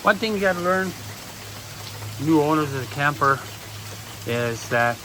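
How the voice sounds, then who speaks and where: A man vlogging casually from a campground, rambling with lots of pauses and restarts. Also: on the high side, lively intonation, sharp tone, slight background noise. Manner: rambling, frequent uhs and restarts. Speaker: camping vlogger. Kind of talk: casual vlog talk. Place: campground, outdoors.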